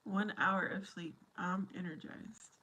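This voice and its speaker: A woman's voice: mid-range voice, steady tone, slow, pushed and bright. A middle-aged woman hosting a casual livestream chat with her viewers, silly and giggly. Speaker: livestream host.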